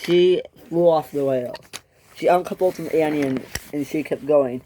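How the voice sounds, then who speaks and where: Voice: medium pitch, moderate pace, dark tone, a little hiss or hum. A narrator telling a toy train story in a dramatic storytelling style, switching into character voices. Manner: dramatic, breaks into character voices and sound effects.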